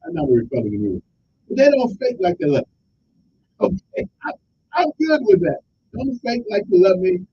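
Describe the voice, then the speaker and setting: Animated, gravelly radio talk host. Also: male voice, fairly quick, pauses often. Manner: joking, rambling, animated delivery. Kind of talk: casual call-in radio monologue. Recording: dull lo-fi radio sound with faint rumble.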